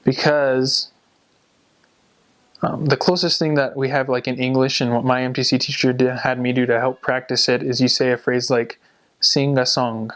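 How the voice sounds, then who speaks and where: A young man casually explaining how to learn a language, speaking in a steady, explanatory way. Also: medium pitch, moderate pace. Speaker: returned missionary giving language tips. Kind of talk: casual advice monologue.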